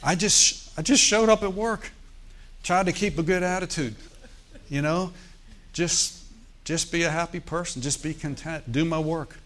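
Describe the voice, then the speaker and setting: A man's voice: a little high, unhurried, fairly bright tone. A man, a pastor, preaching a sermon in a church, telling a personal story and rising into emphatic exhortation.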